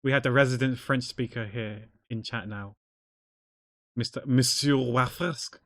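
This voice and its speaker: A relaxed man talks to his chat while he draws, jokey and meandering. His voice sits at an ordinary middle pitch and comes through a close, dry mic. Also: normal speed, no room sound. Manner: chatty, rambling, jokey. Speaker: art streamer. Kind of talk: casual livestream chat while drawing.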